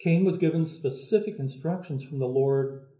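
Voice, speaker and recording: A man preaching a sermon, telling a story in a measured, thoughtful way with many pauses. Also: a little high. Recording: echoey, phone-like lo-fi sound.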